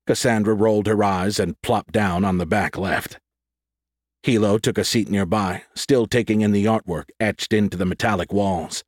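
A man reading an audiobook in a measured, descriptive narration style. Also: on the low side, steady tone, no room sound. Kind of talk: scripted narration. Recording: dry close audiobook recording.

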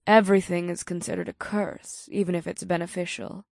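A woman's voice: on the low side, little pitch movement, a little fast, creaky, dry recording. A woman playing an unflustered, worldly succubus in an audiobook, tossing off dry remarks. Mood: wry. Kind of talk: audiobook character voice.

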